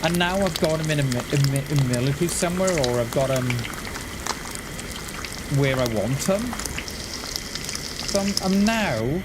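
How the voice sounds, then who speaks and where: Chatty gaming streamer, noisy mix. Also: male voice, a little high, expressive, moderate pace, long pauses. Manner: rambling, repeats and restarts words, chatty. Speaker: live game streamer. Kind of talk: casual chat while gaming.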